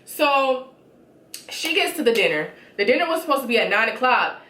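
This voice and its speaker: A woman with a high voice gives a casual reality show recap, sassy and blunt. She talks with animated attitude. Her voice rings in a roomy space with a noticeable echo. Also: moderate pace.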